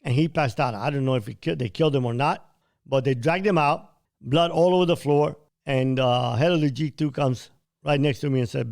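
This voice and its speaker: A man's voice: medium pitch, a little fast, gravelly, a little mellow. A man hosting a podcast, telling a first-person story bluntly and vividly, sometimes swearing. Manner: blunt, vivid retelling with quoted dialogue; occasionally profane. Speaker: podcast host.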